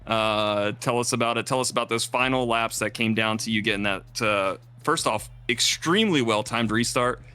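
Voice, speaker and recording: A man's voice: mid-range voice, moderate pace, hardly any pauses, pushed and bright, smooth. A man hosting a live sim racing broadcast, upbeat and congratulatory as he interviews a winning driver. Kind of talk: live race broadcast banter.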